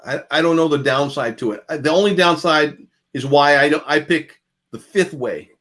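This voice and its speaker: A man's voice: on the high side, moderate pace, fairly bright tone. A man giving a jazz guitar masterclass, talking casually and calling out picking strokes as he demonstrates. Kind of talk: masterclass lecture.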